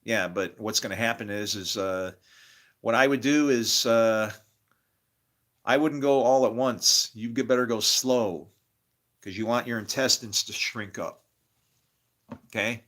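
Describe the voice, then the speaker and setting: A middle-aged man talks in a long, rambling monologue, profane and excitable. His voice is bright and forceful at an ordinary pitch. He swings into loud, preachy outbursts between stretches of casual storytelling. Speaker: guest.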